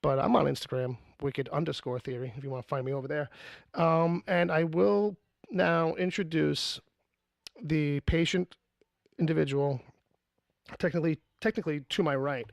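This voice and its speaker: Gravelly-voiced man hosting a podcast. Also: a little high, no room sound, studio quality. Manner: rambling, joking, with frequent fillers and restarts. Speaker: podcast host. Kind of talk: casual podcast chat.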